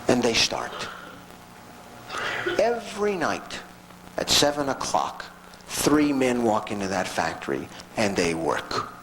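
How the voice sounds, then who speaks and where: Male lecturer, folksy storytelling, pitch swinging widely, mid voice. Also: slow, long pauses, noisy background. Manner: animated, folksy, frequent asides.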